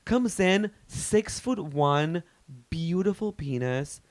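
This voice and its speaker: A man co-hosting a podcast, telling stories and shouting out listeners in gossipy, animated casual chat. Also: a little high, slow pace, no room sound. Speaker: podcast co-host.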